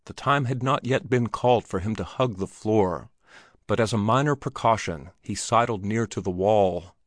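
A man narrating a classic short story in a low, measured voice. His pacing is descriptive and steady. The recording is dry, with no room sound. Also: no room sound. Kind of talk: audiobook narration.

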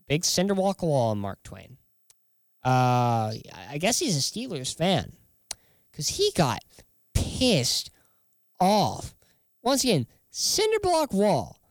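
A man hosting a casual sports talk show, rambling and animated, often chuckling as he talks. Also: sits high, no room sound.

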